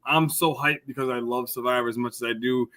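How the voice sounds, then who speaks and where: A man on a podcast panel, excitable and joking as he recaps. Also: medium pitch, fairly quick. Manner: excitable, jokey. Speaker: podcast co-host. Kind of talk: casual recap chat.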